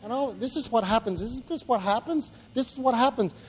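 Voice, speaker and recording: Male pastor, very high voice, emphatic preaching with repetition, long hall reverb. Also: fairly quick, a little hiss or hum. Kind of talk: sermon. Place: church.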